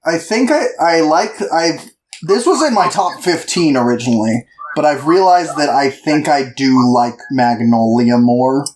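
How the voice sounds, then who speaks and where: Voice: mid-range voice, a little slow, a little mellow. A podcast co-host joining a casual film chat, chiming in and acting out quotes with gusto. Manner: chimes in, acts out quotes with gusto.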